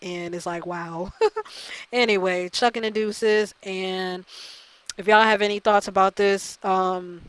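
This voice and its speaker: A woman's voice: medium pitch, fairly even intonation, takes it slowly, a bit bright, smooth, poor audio. A woman hosting a gaming channel, delivering a profane, exasperated rant that circles back and repeats her points. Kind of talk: ranting video commentary.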